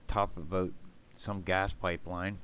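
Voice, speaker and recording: A man's voice: low-pitched, level tone, a little slow, fairly bright tone, smooth. A man streaming a game live, rambling bluntly to his chat, swearing and tagging his remarks with "man" and "right?". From Canada.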